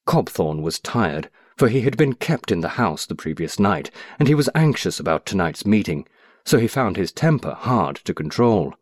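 A man with a very low voice narrates an audiobook in an expressive, measured way. His pitch moves in a lively way through the sentences. The recording is close and dry. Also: dry recording.

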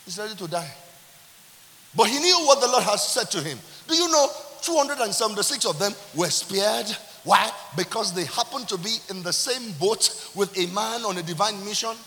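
A man with a Nigerian accent preaching a sermon as pastor, animated, with call-and-response and laughter. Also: high-pitched, moderate pace. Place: church hall. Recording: reverberant church hall with hiss.

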